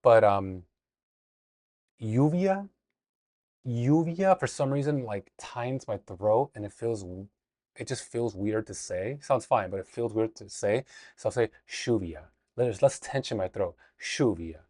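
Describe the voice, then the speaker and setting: Man, lowish voice, casual lesson video, dry close sound. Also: no echo. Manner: relaxed, talks quickly with fillers and restarts. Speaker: language teacher.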